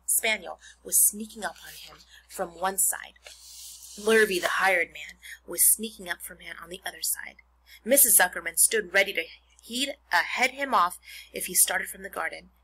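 A woman teacher reading a children's novel aloud to her pupils, expressive and stopping to explain words. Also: lowish voice, normal speed, husky, low-quality recording.

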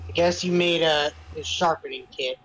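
A man's voice: fairly high pitch, steady tone, moderate pace, fairly bright tone, a little hiss or hum, rough recording. A man hosting a game video, chatting and teasing his co-player casually. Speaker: let's play host. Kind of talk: casual gaming chat.

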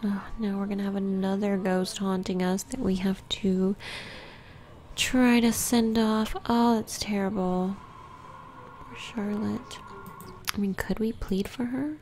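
A woman casually commenting on her own gameplay, often dropping to a soft whisper. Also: medium pitch, little pitch movement, unhurried, a little hiss or hum. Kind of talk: casual let's-play commentary.

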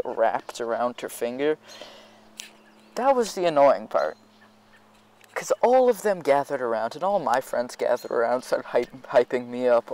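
A man's voice: mid-range voice, darkish tone, poor audio. A teenage boy telling a rambling, sarcastic storytime rant, stitching it together with constant fillers. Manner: rambling, sarcastic, keeps saying anyway. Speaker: vlogger.

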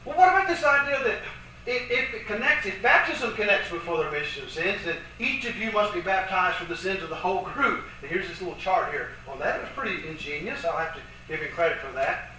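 A high, bright-voiced man lectures on scripture grammar with emphatic stress, drawing out quoted verses slowly. He is picked up from a distance in a very echoey room, with faint background noise. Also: expressive. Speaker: Bible teacher. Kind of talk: lecture with charts.

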